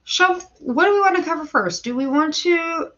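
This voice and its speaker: A woman's voice: extremely high pitch, animated, normal speed, fairly bright tone. A woman in her thirties hosting a casual firearms livestream, chatty and rambling, greeting viewers by name and restarting her sentences often. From western Pennsylvania, USA. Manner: frequent stammered restarts and filler words. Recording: dull lo-fi stream audio.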